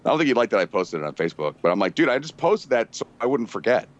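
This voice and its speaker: A man's voice: mid-range voice, big pitch swings, racing, muffled recording. A man telling profane, laughing stories in casual chat, acting out quotes. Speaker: podcast regular.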